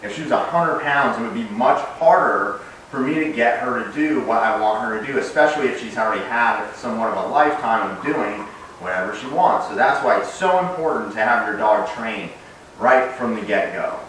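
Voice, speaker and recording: A man's voice: medium pitch, brisk, slight background noise. Dog trainer man in echoey room. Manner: relaxed, explaining while training, bright sharp commands to the puppy. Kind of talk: casual instructional demo. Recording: very echoey room, mic at a distance.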